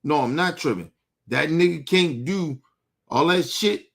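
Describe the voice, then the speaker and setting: Male host, furious streamed rant, swears constantly, calls out his target head-on, slightly raised pitch. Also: measured pace, vocal fry. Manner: angry, profane and repetitive; confrontational, addresses his target directly. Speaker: show host. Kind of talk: heated monologue to the audience.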